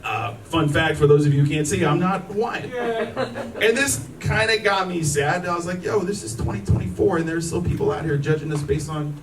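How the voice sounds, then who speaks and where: High-voiced man doing stand-up in a hall. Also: fairly quick, noisy background. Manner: joking, indignant, swears freely. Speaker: stand-up comedian. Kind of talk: stand-up set. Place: lodge hall with live audience. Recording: roomy hall, mic from far off, audience laughing.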